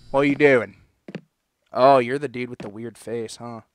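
A man doing let's play commentary, loud and joking, swearing and talking back to game characters. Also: mid-range voice, fairly even intonation, moderate pace, pauses often, clean tone. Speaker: gaming video creator.

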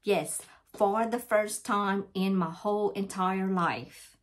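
A woman's voice: mid-range voice, slow pace. Gushing woman unboxing gifts. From Louisiana, USA. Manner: gushing, repeats herself, speaks right to viewers. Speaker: crafting channel vlogger. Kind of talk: casual unboxing vlog.

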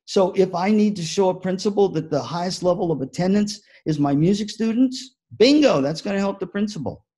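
Mellow husky man giving a keynote. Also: high-pitched, a little fast. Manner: animated storytelling with acted-out quotes. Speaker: keynote speaker. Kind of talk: conference keynote talk.

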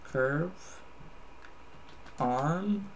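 Casting: worn-out gamer, slow, mumbling guesses, noisy room with a ticking clock. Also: male voice, fairly high pitch, expressive. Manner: muttering guesses, swearing at himself. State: tired. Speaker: gamer playing online. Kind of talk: casual gaming commentary. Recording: noisy home recording with ticking.

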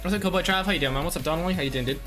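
A young Northern Irish man commentates his own gameplay for a live stream, bursting into excited shouts and then dropping to quiet mutters as he greets chat in slangy banter. His voice is bright and forceful. Faint music plays behind him. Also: a little high, rapid-fire. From Northern Ireland. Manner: excitable, slangy, swings between loud outbursts and muttering. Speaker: game streamer.

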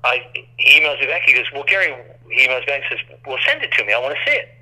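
A man's voice: medium pitch, sing-song, racing, sharp tone. A man telling a long, rambling story as an interview guest, acting out quoted voices, over a phone line.

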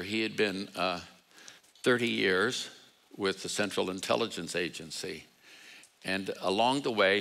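Older guy preaching, low bright voice, tells stories like a chat. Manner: storytelling, conversational with sudden loud quoted shouts. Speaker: pastor. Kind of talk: sermon.

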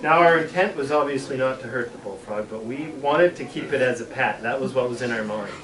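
A man, a school superintendent, telling a story to a class of third graders in a lively way, dropping to a hush for suspense. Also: mid-range voice, brisk, a crowd in the background. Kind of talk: animated storytelling to children. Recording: echoey classroom, mic far off, children listening. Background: children listening.

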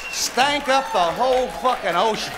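Brief: high-voiced, bright stand-up comic, profane and gleeful, faint crowd. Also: male voice, animated, unhurried, noisy background. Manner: raunchy, profane, laughing at his own jokes. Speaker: stand-up comedian. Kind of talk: stand-up comedy.

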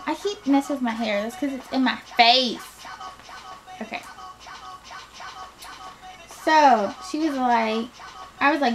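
A young woman telling a storytime vlog, animated and sassy, laughing often, recorded on a laptop webcam at home. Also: high voice, a little slow, long pauses, soft background music. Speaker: vlogger.

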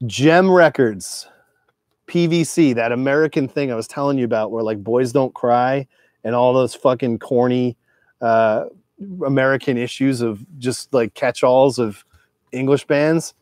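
A man's voice: medium pitch, fairly even intonation, measured pace, darkish tone, dry recording, studio quality. A man in his forties who collects records, talking through his collection in a loose, digressive monologue full of swearing. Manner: profane, digressive, loose with filler words. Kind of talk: casual rambling monologue.

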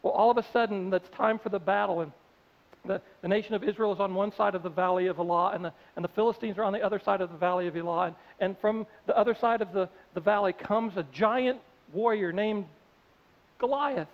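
A man's voice: high-pitched, steady tone, fast talker. A man preaching a sermon as pastor, telling a story in a conversational way and acting out its characters. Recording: dull audio with long hall reverb.

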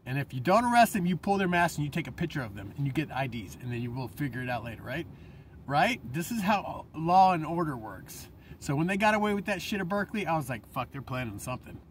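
A man's voice: big pitch swings, quick pace, slight background noise. Profane, heated man ranting on a vlog. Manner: profane, heated and rambling, swinging between loud outbursts and low mutters. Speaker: vlogger. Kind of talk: ranting monologue.

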